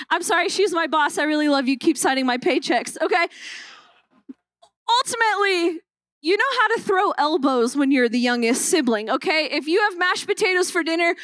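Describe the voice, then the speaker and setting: A woman's voice: very high voice, fairly bright tone, no echo. A young woman pastor opening a sermon with playful, self-mocking stories from a church stage.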